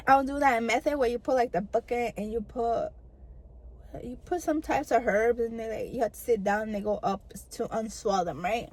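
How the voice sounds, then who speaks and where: A young woman talks to her camera in a loose, chatty storytime manner. Her voice sits a little high, and she sprinkles "like" and "girl" through her sentences as she goes. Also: moderate pace, a little mellow, low-quality recording. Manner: chatty, lots of "like" and "girl" fillers. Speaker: vlogger. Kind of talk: casual storytime chat to camera.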